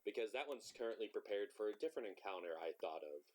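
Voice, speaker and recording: A man's voice: fairly low pitch, animated, fast, a little hiss or hum. A man acting as game master in an online tabletop game, talking casually and swearing freely.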